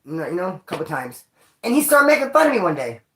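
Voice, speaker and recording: A man's voice: sits high, very animated, fast talker, sharp tone. Rambling, slangy male vlogger. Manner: rambling, slangy and joking, calls viewers homeboy and dog. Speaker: vlogger telling prison stories. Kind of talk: casual storytelling vlog.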